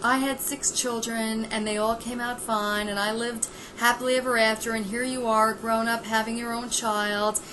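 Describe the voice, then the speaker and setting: A gentle, old-fashioned mother, put on by a woman coos softly and reassuringly. The voice is hushed and a touch lower than the speaker's own. The tone stays cozy and comforting. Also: level tone, normal speed, noisy background, close to an everyday voice. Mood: soothing. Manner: soft, cooing, reassuring.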